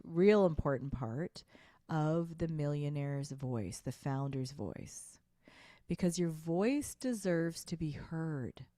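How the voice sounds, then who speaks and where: A woman with a low, warm voice hosts a live-streamed sales coaching session, recorded in studio quality with no room sound. She speaks emphatically, repeats slogans, and asks viewers to answer in the chat.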